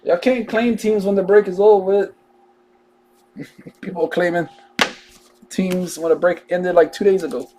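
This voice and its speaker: A man with a fairly high voice talks through a live card break. His delivery is casual and drawling, full of joking asides between the cards he reads out. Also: steady tone, moderate pace, long pauses, warm tone, slight background noise. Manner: chatty, drawling, jokey asides while reading out cards.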